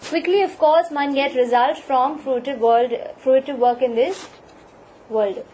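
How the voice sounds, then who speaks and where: A woman giving a devotional lecture, telling a scripture story in a lively way and asking her listeners questions. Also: high-pitched, unhurried, a little hiss or hum, low-quality recording. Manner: animated storyteller, asks the audience questions. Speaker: spiritual lecturer.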